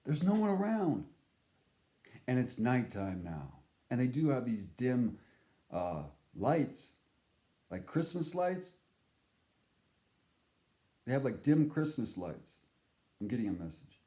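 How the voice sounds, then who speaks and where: A man's voice: mid-range voice, mellow, reverberant. A man telling a casual, comic story in a rambling, profane way, often breaking off his sentences. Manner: rambling, profane, self-interrupting.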